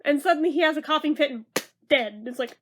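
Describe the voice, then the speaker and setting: A woman's voice: high voice, fast, a bit bright, a little hiss or hum. A young woman giving a casual, sarcastic movie review, chatty and prone to swearing and mock-dramatic outbursts.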